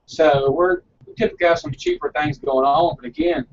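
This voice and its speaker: A man's voice: a little high, wildly swooping pitch, fairly quick, gravelly, recorded from a distance, muffled recording, a little hiss or hum. A man who owns a small frozen yogurt shop, chatting earnestly and a bit rambling on a casual live broadcast.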